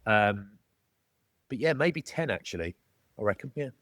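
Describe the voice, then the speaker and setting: A man's voice: lowish voice, expressive, unhurried, fairly bright tone, no echo, clean studio sound. A middle-aged Englishman with a jokey, matey manner, chatting casually as a podcast guest. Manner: jokey, matey, calls people mate. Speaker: podcast guest, former rugby player. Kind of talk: casual storytelling chat.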